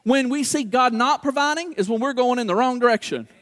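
A middle-aged man preaching a sermon, animated and acting out little dialogues, repeating words for emphasis. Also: extremely high pitch, a little fast.

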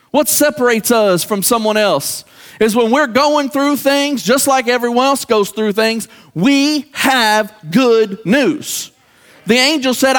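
A man's voice: very high voice, a bit bright, long reverb tail. A middle-aged man, a pastor preaching a sermon, who acts out the voices of the people he quotes.

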